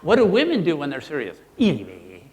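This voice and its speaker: A man presenting a live workshop, playful and animated, quizzing the audience as he teaches. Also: on the high side, a little fast, in a large hall, background noise. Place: seminar room with an audience.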